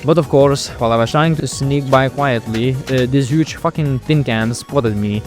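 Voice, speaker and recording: A man's voice: mid-range voice, normal speed, hardly any pauses. Sarcastic profane young man narrating a game. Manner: sarcastic, profane, mock-dramatic. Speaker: gaming video creator. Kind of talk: comedic game commentary voice-over. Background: game music.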